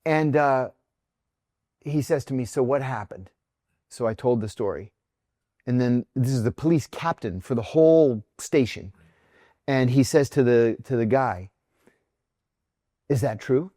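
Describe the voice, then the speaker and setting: A middle-aged male podcast guest from near Pittsburgh in the United States, a former intelligence officer, tells candid stories in conversation. His mid-pitched voice is unhurried, with long pauses, recorded on a dry close mic without echo. He shares vivid anecdotes and acts out the quoted voices with animation.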